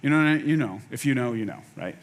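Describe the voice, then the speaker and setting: A man's voice: mid-range voice, animated, fairly quick. A man pastor giving a conversational sermon, acting out quoted lines and repeating phrases for emphasis.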